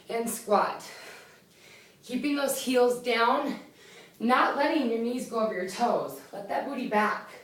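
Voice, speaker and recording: Woman fitness coach, loud and chatty, winded from exercising; raised voice, distant camera mic. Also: fairly high pitch. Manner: chatty, counting reps, laughing at herself. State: out of breath. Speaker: fitness instructor. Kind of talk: home workout instruction. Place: small indoor room. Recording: echoey room from a distance.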